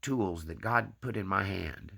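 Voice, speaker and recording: A man's voice: low voice, measured pace, creaky, sharp tone. A man hosting his own channel, giving a rambling personal faith testimony full of tag questions. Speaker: channel host.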